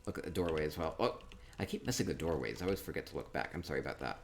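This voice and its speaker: A man chatting casually through a tour of a game, upbeat and quick to repeat himself, with soft laughs between remarks. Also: rumbling low, lively intonation, gravelly. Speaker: gaming streamer touring player-built homes. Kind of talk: casual gameplay commentary.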